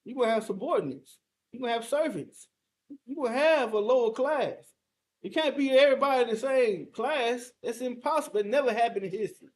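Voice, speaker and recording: Speaking a little fast and in an animated way, a very high-pitched man leads a heated scripture breakdown as a teacher. He is emphatic and confrontational, challenging his listeners with rhetorical questions and sometimes cursing.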